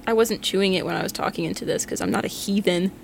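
A woman's voice: mid-range voice, fast talker, creaky, a little hiss or hum. A young woman hosting a student radio show, chatting casually and teasing her friends. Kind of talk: casual chat.

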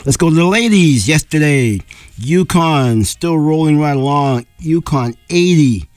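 Man, radio sports announcer, hoarse edge, dry close studio sound, steady score reading. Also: on the high side, no echo. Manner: plain, unhurried score reading with fillers and throat clearing. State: losing his voice.

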